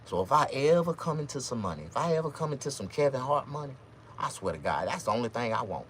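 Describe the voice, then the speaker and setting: Animated man doing stand-up comedy. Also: fast talker, slight background noise. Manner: animated, swings pitch high for quoted women.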